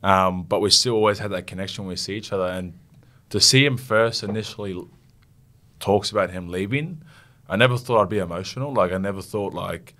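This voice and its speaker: Deep-voiced young Australian man, earnest. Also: pushed and bright. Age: young adult. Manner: earnest, halting, gets choked up with emotion. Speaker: rugby league captain, guest. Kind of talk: casual interview.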